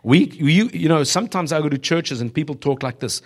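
His voice is fairly high-pitched and expressive, and he talks a little fast. This visiting preacher delivers a humorous, prophetic sermon to a church congregation, often laughing as he exhorts the listeners and speaks to them directly.

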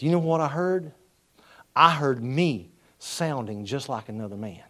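A middle-aged man, preaching a sermon in a storytelling way that builds from quiet asides to loud, ringing appeals. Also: medium pitch. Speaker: pastor.

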